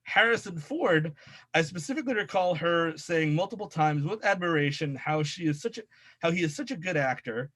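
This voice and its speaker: A stiff, nerdy young man reading a letter, as a man puts on the voice. The tone is bright and the delivery exaggerated. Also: a little high, lively intonation, moderate pace.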